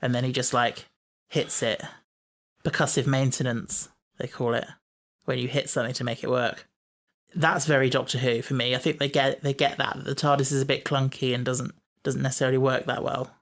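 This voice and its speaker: A man's voice: mid-range voice, flat delivery, a little fast, a bit bright. A man hosting a podcast, chatting casually, musing aloud and laughing easily. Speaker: podcast host. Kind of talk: casual chat.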